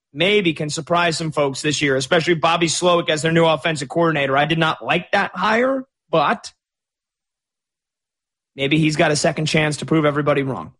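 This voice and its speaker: A man's voice: fairly high pitch, fairly bright tone. A man hosting a sports radio show in a studio, chatty and opinionated with a playful streak. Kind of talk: casual sports talk. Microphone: studio microphone.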